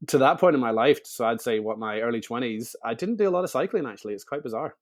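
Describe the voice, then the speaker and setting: A man's voice: medium pitch, expressive, fast talker. A man, telling stories as a guest in a casual interview, chatty and full of restarts. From Northern Ireland. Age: 30s.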